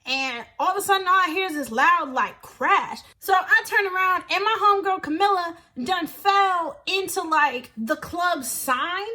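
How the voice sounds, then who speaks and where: Bright high-voiced woman telling a story. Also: unhurried, few pauses. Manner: animated, laughing, slangy and emphatic. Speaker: vlogger. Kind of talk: casual storytelling to camera.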